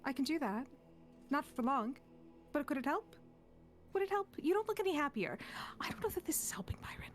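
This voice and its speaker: A woman voicing a halting, anxious adventurer. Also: sits high, faint music behind. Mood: worried. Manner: halting, trailing off into a soft whisper. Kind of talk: in-character role-play.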